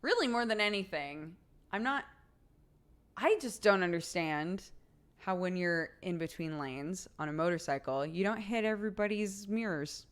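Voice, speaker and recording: A woman's voice: lowish voice, lively intonation, moderate pace, smooth. A young woman streamer chatting casually late at night with her viewers, laughing often and reading chat aloud.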